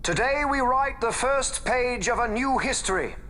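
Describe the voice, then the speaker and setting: A man's voice: extremely high pitch, lively intonation, moderate pace, pushed and bright, exaggerated voice. An actor playing a commanding male warlord who gives stern, declamatory speeches to his troops. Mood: rousing.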